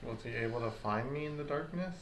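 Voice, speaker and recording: A man's voice: mid-range voice, lively intonation, a little fast, a bit bright. A man playing in a tabletop game who asks a lot of questions and laughs at his own rolls. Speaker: player. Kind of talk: casual tabletop game talk. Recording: echoey room, background noise.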